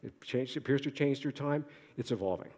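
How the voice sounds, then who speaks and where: A man giving an academic conference lecture in a lively, joking way, asking rhetorical questions. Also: mid-range voice, fast talker, husky. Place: lecture hall. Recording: echoey lecture hall.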